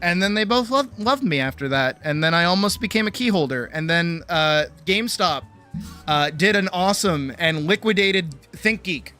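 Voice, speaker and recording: A woman streamer telling a casual, animated story, swearing freely and acting out other people's lines. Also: on the low side, normal speed, soft background music. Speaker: streamer and artist.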